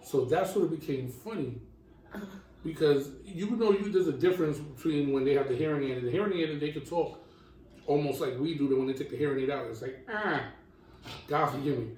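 A man telling a crude story on a casual podcast, animated and laughing, with apologetic asides. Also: a little high, quick pace, distant mic. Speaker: podcast co-host. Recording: roomy, off-mic with faint background noise.

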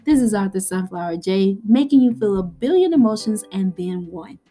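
A woman hosting a podcast, talking casually to her listeners, animated and laughing often between exclamations. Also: medium pitch, normal speed. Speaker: podcast host.

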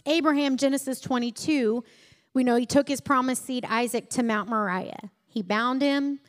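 A woman's voice: high-pitched, moderate pace. A woman preaching a sermon, retelling scripture stories and building to emphatic peaks.

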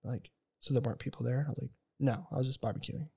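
A man's voice: mid-range voice, steady tone, rapid-fire, gravelly, mellow, slightly rough. A young man in his twenties telling rambling, profane stories in casual chat, acting out the people he quotes.

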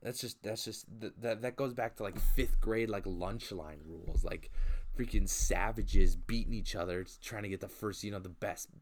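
A man's voice: on the low side, normal speed, slight background noise. A young man in casual conversation, ranting indignantly with lots of restarts and repetition. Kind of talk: casual chat.

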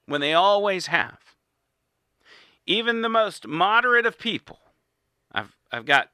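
A man's voice: high-pitched, big pitch swings, unhurried, long pauses, pushed and bright, clean tone, dry recording. A man giving an indignant, sarcastic political monologue as host, recorded in a small studio. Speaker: political commentator. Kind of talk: opinionated monologue.

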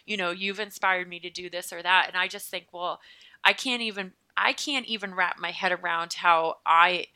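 Podcast guest, American woman, bright tone, chatty and laughing. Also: on the low side, steady tone, normal speed, smooth. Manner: laughs often, chatty and enthusiastic. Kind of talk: casual interview chat.

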